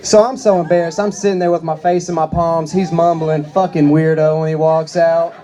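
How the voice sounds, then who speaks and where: A man's voice: a little high, level tone, brisk, a loud crowd, heavy background noise. A young man performing a stand-up comedy set on a club stage, drawling through stories and acting out the voices in them. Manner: drawling storyteller, acts out quoted voices.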